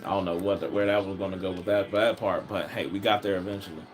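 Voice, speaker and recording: A deep-voiced man talks fast while watching a football game, giving casual, rambling, slangy commentary full of energy. Many of his remarks kick off with "I was like."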